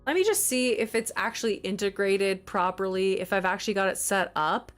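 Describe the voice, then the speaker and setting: A woman's voice: medium pitch, fairly quick, faint music behind. A woman streamer chatting casually on a livestream, flustered, exasperated and apologetic.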